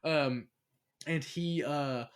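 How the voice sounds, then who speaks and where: A man's voice: a little high, extremely slow, clear, resonant tone. A young man hosting a casual chat, retelling a show's plot in a rambling, profane way and acting out the characters' lines. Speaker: podcast host.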